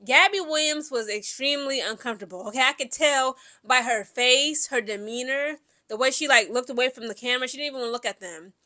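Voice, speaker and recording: A young adult woman talks through her opinions, animated and opinionated, with plenty of filler words. Her voice sits high and sounds bright and forceful, with a lively, chatty delivery. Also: brisk, hardly any pauses. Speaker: commentary vlogger. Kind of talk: casual opinion commentary.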